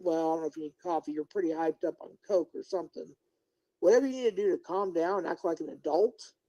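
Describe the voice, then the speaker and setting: Mellow-voiced, confrontational livestreamer scolding someone. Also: mid-range voice, muffled recording. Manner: confrontational, scolding, repeats questions. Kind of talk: livestream rant addressed to one person.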